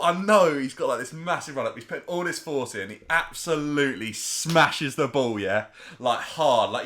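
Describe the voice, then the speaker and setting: A man, co-hosting a podcast and telling a story in an animated, chatty way. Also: mid-range voice. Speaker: podcast co-host. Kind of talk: casual storytelling chat.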